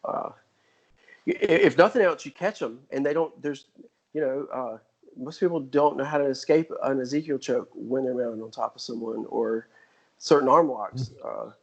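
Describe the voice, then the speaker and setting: A man's voice: mid-range voice, highs cut off. A man in his forties, a guest on a podcast, talking casually with lots of fillers and restarts. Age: 40s. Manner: halting, with many fillers and restarts. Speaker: guest athlete. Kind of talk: casual interview chat.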